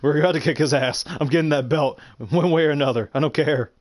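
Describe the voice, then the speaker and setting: A young man doing gameplay commentary swears and trash-talks the game out of frustration, with loud game sounds behind him. His voice is a little high and quick, with no echo.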